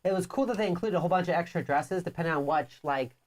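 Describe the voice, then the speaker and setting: A woman with a lowish, darkish voice talks fast while co-hosting a live board game playthrough. In casual chat, she teases her opponent and explains the rules at length.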